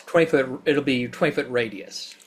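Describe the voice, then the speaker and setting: A man's voice: mid-range voice, normal speed, husky. A man playing a tabletop game who carefully explains the rules and mechanics. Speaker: player. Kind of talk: casual tabletop game chat.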